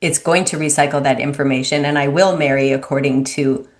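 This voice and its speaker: A woman in casual conversation, reflecting on her own experiences in a halting way. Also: extremely low pitch, steady tone. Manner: reflective, halting, restarts phrases.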